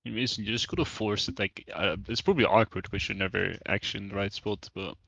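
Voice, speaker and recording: Low-voiced man on lo-fi voice chat. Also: steady tone, fast talker, creaky, a bit bright, slightly rough, no room sound. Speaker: player in a coaching call.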